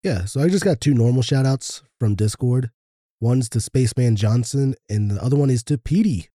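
A man co-hosts a podcast in easygoing, casual chat and reads out listener requests. His voice is very dark and mellow, with a husky edge, and the recording is dry. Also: mid-range voice, moderate pace, no echo. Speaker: podcast co-host.

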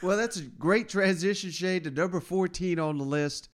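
A man hosting a podcast in casual chat, wry and quick to steer the talk to the next topic. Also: high voice. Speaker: podcast host.

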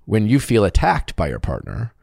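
A male podcast host with a somewhat low voice asks questions and reflects on his own experiences, often restarting his sentences. The sound is close and dry. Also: huge pitch swings, creaky, darkish tone, no room sound. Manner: reflective, halting, with fillers. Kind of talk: podcast conversation.

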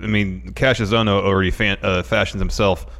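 Low deep-voiced guy on a podcast, laid back, mostly agreeing and tossing in ideas. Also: brisk. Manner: relaxed, agreeable, adds ideas with short replies. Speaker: podcast co-host. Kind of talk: casual chat.

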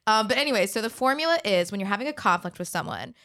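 A woman's voice: mid-range voice, animated, racing, sharp tone, dry recording, clean studio sound. A woman guest on a podcast, explaining a method in a chatty way and laughing as she talks. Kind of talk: casual podcast chat.

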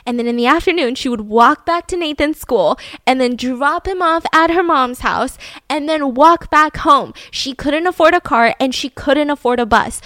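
A young woman host telling a story in an animated, chatty way with many fillers. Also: high-pitched, no echo, studio quality. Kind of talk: casual storytelling chat.

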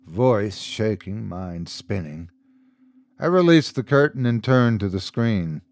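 A male host reading a scripted horror story in a measured, dramatic way. His pitch rises and falls expressively, and he takes his time. The sound is close and dry. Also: expressive, a little mellow, no echo. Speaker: host and narrator.

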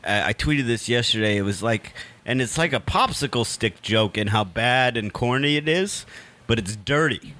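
A man's voice: medium pitch, expressive, sharp tone. A man co-hosting a comedy podcast, chatting casually with lots of fillers and restarts. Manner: halting, many fillers and restarts. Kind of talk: casual chat.

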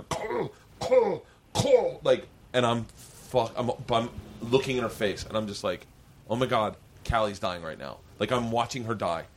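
Guy with a lowish voice, swearing a lot, telling a wild story and doing all the voices. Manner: animated, profane, acts out voices in his stories. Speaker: podcast host. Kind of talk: casual storytelling chat.

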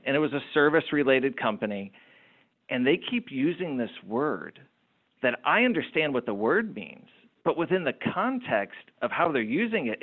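An entrepreneur tells anecdotes in a lively, animated way, often restarting his sentences. His voice sits at a middle pitch. It comes through a thin, tinny, phone-like line. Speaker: entrepreneur guest. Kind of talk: storytelling interview talk.

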